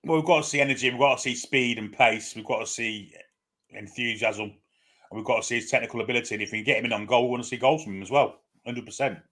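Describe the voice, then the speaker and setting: A man co-hosting a casual live stream, talking quickly and opinionatedly and often asking for agreement. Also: mid-range voice, fairly bright tone. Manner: rapid, opinionated, asks for agreement. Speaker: co-host.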